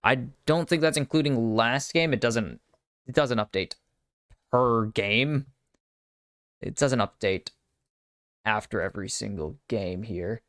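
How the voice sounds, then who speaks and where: A man's voice: lowish voice, a little slow, long pauses, a bit bright, no echo, studio quality. A man from the United States casting an esports draft alone on a live stream, chatty and self-deprecating, muttering asides to himself. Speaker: esports caster.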